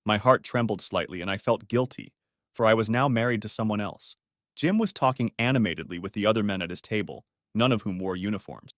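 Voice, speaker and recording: A man narrating a scripted story in an expressive storytelling manner. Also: lowish voice, fairly quick, dry recording, studio quality.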